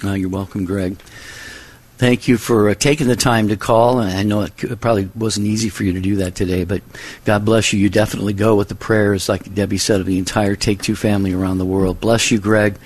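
Calm consoling man on radio. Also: on the low side, brisk. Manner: calm, consoling, frequent "you know". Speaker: co-host of a Catholic call-in radio show. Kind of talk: call-in radio talk.

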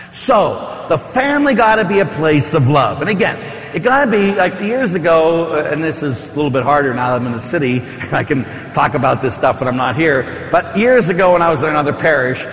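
In an echoey church hall, a middle-aged priest with a fairly high, bright voice preaches a sermon. He tells stories and asks the congregation questions, many of them rhetorical.

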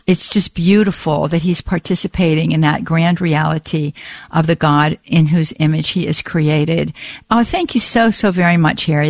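A woman hosting a religious call-in radio show, effusive and gushing with praise. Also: fairly low pitch.

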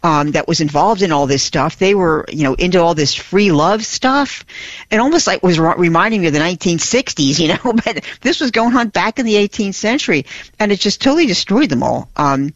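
A woman's voice: on the low side, animated, brisk, no room sound, muffled recording. A woman who is a regular on a Catholic radio talk show, talking eagerly with restarts, heard over a remote line. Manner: enthusiastic, with restarts. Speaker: regular co-host.

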